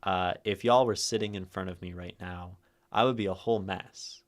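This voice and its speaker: A man hosting a poetry livestream, thinking out loud to chat, shifting word stress and checking in with "right?". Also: low-pitched, steady tone, normal speed. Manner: thoughtful, tags phrases with "right?"; plays with stress, rereading lines different ways. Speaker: streamer hosting a poetry reading. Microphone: streaming mic and camera.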